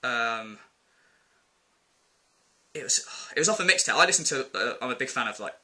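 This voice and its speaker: A male vlogger rants casually to the camera in a medium-pitched, bright, forceful voice, expressive and at a moderate pace. Exasperated and rambling, he fills his talk with filler words and quotes people in put-on voices.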